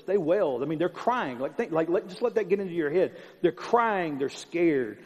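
Pastor, male, higher-pitched, punchy repetitive sermon delivery in a reverberant church hall. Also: animated, moderate pace, few pauses, a little mellow. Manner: emphatic, conversational preaching with repetition. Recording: long hall reverb, dull sound.

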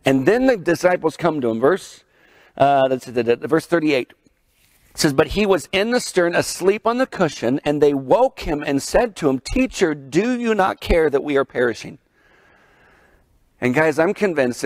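A man preaching a chapel sermon to middle schoolers, telling a lively story with frequent laughs. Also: a little high, no room sound. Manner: storytelling, animated, laughs often. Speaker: pastor.

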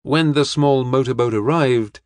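A male audiobook narrator tells the story in an even, steady manner. His voice sits at a middle pitch. The recording is dry and close. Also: measured pace, dry recording.

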